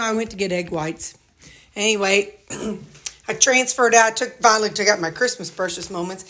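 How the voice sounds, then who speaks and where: A woman's voice: mid-range voice, fairly bright tone. A woman with a Missouri accent rambles through a casual home tour vlog, stopping to talk sweetly to her dogs. She speaks into a handheld phone indoors in her own house, loose and chatty. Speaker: vlogger.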